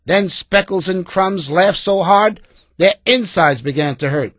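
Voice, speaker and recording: A man's voice: sits high, unhurried, no echo. A man expressively reading a children's story aloud as the narrator. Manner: expressive, animated.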